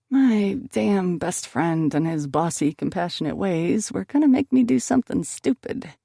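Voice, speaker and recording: Woman audiobook narrator for first-person romance, mid-pitched voice with a gravelly grain, dry close recording. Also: animated, moderate pace, hardly any pauses, warm tone, dry recording.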